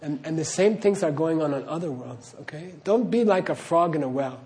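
Earnest spiritual teacher, man, slightly high voice. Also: expressive, brisk, darkish tone. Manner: earnest, repeats "okay?", laughs while storytelling. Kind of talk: spiritual talk to an audience.

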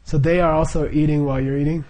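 A man's voice: on the high side, level tone, quick pace, a little mellow. A middle-aged man leading a Buddhist group, explaining the practice informally with frequent chuckles, fillers and restarts.

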